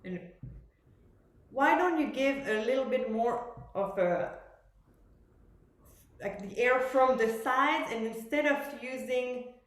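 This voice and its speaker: A woman's voice: a little high, takes it slowly, pauses often. A woman teaching a master class, coaching a student and explaining at length, often searching for words. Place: music school room. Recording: very echoey room.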